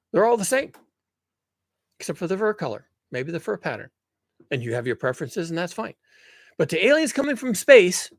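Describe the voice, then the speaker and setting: Man, casual monologue, emphatic and rambling, fairly high voice. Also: husky, dry recording. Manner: animated, emphatic, rambling with restarts. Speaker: commentator on climate and human nature.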